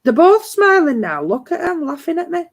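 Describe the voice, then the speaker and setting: A woman's voice: very high-pitched, sing-song, normal speed. A woman hosting a casual chat, teasing and swearing freely. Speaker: host.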